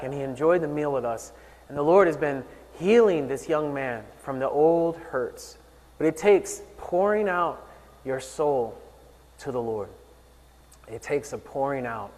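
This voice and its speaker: A man preaching a sermon, telling a story earnestly and rising and falling in pitch and volume. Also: big-room sound, rough recording. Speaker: pastor.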